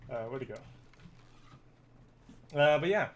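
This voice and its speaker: A man's voice: medium pitch, lively intonation, a little slow, lo-fi sound. A man giving casual, rambling gameplay commentary, swearing freely and poking fun at himself while slightly out of breath. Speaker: gamer and streamer.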